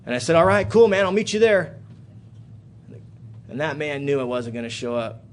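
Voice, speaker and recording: This AA speaker talks at normal speed, recounting his recovery at a convention in a hotel room. He swears liberally and tells it with drama, alternating between loud excitement and low, subdued passages.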